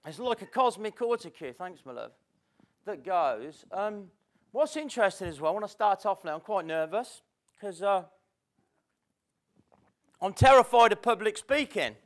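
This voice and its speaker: A man with a high-pitched, animated voice speaks unhurriedly and pauses often while giving a chatty, self-mocking motivational talk. He tells spontaneous stories to a live audience in a seminar room, and laughter rises from the crowd.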